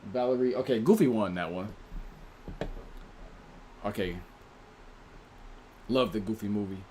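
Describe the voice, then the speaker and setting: A man's voice: lowish voice, unhurried, warm tone, slight background noise. Slangy casual male livestreamer. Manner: reads out viewers' names, chatty and slangy. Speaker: livestream host.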